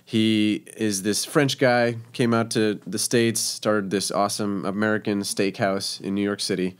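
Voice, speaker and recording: A man's voice: lowish voice, little pitch movement, measured pace, smooth. A man, a professional chef from Texas, telling stories in a casual interview, chatty and laughing, with many fillers.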